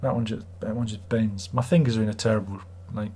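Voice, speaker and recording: A man's voice: on the low side, fairly even intonation, fast talker, darkish tone, breathy edge. A middle-aged British man hosting a livestream, chatting in a rambling, wry, self-mocking way. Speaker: livestream host. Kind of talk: casual livestream chat.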